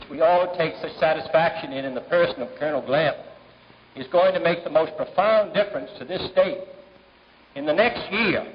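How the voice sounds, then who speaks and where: Man, formal political speech, measured, pausing, somewhat high voice, long hall reverb, faint hiss. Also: muffled recording. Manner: measured, with frequent "uh" pauses between phrases. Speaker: speaker at a political fundraiser. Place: large banquet hall.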